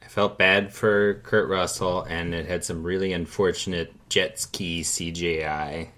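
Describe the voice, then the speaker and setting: A man's voice: low-pitched, flat delivery, unhurried, a bit bright. A man co-hosting a casual movie podcast, wry and rambling, with many fillers and restarts. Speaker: podcast co-host. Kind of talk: casual chat.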